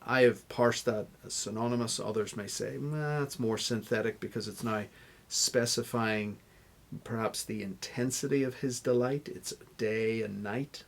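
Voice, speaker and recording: Gravelly low-voiced man explaining carefully. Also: fairly even intonation, measured pace. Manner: teacherly, stops to spell out examples. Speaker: guest Bible scholar. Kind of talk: explanatory interview answers.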